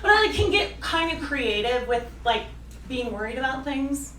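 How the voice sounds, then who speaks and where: A woman performing a stand-up comedy set on a club stage, animated and self-mocking, breaking into loud yelled bits. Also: sits high, moderate pace, a little hiss or hum. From suburban Detroit. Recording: roomy club sound from a distance with crowd. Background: audience laughing.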